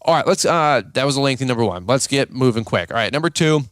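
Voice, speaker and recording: A man hosting a podcast, giving blunt, animated business advice in a casual way, full of fillers and repeated points. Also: medium pitch, quick pace, no echo, studio quality. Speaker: podcast host, lawn business owner.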